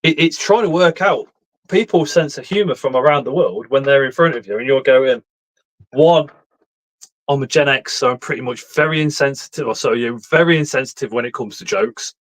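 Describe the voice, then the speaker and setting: A man's voice: medium pitch, brisk, low-quality recording. A man in his forties hosting a casual live stream chat, joking and rambling as he talks.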